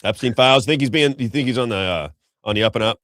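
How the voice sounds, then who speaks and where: A man's voice: medium pitch, quick pace, a bit bright, no room sound. A middle-aged man hosting an unscripted political commentary show, talking in a rambling, emphatic way that repeats points and keeps turning to his co-host. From Missouri, USA.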